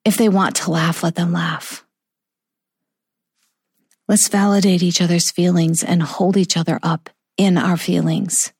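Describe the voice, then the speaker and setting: A middle-aged woman with a lowish voice talks in a gentle, unhurried way, pausing tenderly as she reflects. Her delivery is heartfelt and personal, like a quiet confessional vlog. The sound is dry and close, with no room around it. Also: steady tone, slightly rough, dry recording. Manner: soft, slow and heartfelt, with tender pauses. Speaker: vlogger sharing a personal story.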